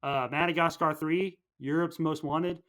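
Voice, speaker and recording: On a film podcast, a young male co-host speaks in a steady, fairly bright voice on the high side, never rushing. He chats enthusiastically and casually, rambling and restarting sentences often.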